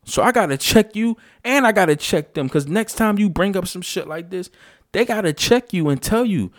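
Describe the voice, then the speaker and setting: Pitched high and with lively intonation, the man talks at a moderate pace in a dry, clean studio recording. His casual vlog rant is blunt and full of profanity, and he keeps hammering the same points with emphatic repetition.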